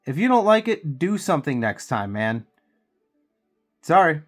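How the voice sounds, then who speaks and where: A man's voice: a little high, big pitch swings, measured pace, faint music behind. Man ranting with a stuffy nose. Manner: profane, heated venting. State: congested with a cold. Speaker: miniature painting channel host. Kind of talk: ranting while painting.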